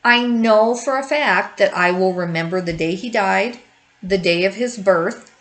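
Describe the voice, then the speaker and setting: A woman's voice: mid-range voice, poor audio. A woman in her fifties hosting a grief-support video, talking candidly to the camera and rambling in circles with frequent restarts. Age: 50s. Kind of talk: candid personal talk to camera.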